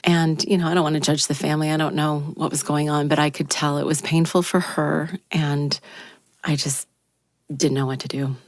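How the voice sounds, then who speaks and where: Low-voiced woman telling a story. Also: normal speed, dry recording, studio quality. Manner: animated, acts out quoted lines with pitch jumps. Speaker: radio show team member. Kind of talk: personal storytelling on a talk show. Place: radio studio.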